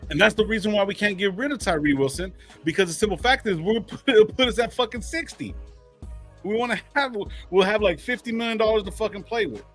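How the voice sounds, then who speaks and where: A man's voice: high-pitched, lively intonation, brisk, soft background music. A man on a sports podcast, talking casually and rambling through figures, with some swearing. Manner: profane, rambling, works through numbers. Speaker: podcast co-host.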